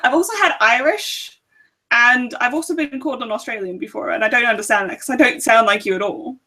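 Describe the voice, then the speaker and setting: A woman's voice: a little high, brisk, sharp tone. A young woman from South Africa co-hosting a casual book club chat, giggling often as she talks. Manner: giggly, chatty, laughs often.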